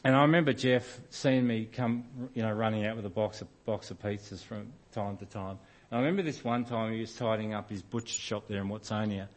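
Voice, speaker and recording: A middle-aged man preaches in a relaxed, conversational way, telling stories against himself and often restarting mid-sentence. His voice sits fairly low. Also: fairly quick, few pauses. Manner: informal, self-deprecating storytelling with frequent restarts. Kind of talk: sermon.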